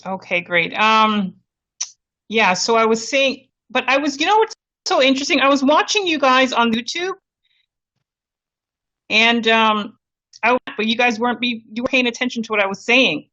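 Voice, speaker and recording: Canadian woman guest, bright higher voice, friendly chatter, lo-fi call sound. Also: moderate pace, long pauses. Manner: chatty, polite, laughs easily. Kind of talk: livestream talk show chat. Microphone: video call. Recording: dull lo-fi call audio.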